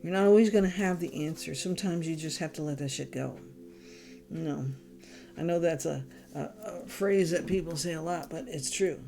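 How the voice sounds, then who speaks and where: A woman's voice: low-pitched, moderate pace, vocal fry, mellow. A woman giving a casual tarot reading, blunt and exasperated, swearing freely as she talks straight to the listener. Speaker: tarot reader. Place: home, candles lit.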